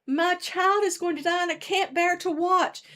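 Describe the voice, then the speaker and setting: A woman voicing a distraught young mother lost in the desert, pleading slowly in a children's story retelling. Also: very high voice, fairly even intonation, bright, forceful tone, voice pushed up. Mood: despairing.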